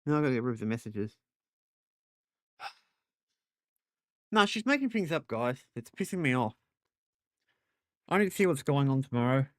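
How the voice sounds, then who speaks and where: A man's voice: mid-range voice, sing-song, moderate pace, pauses often, no echo, clean studio sound. A man hosting a livestream, venting his frustration in casual chat. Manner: irritated, venting. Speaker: stream host.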